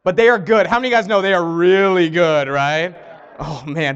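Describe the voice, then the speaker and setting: A man giving a motivational talk to an audience about his network marketing story, animated and acting out the voices he quotes. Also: sits high, moderate pace, clean tone. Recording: dull lo-fi recording.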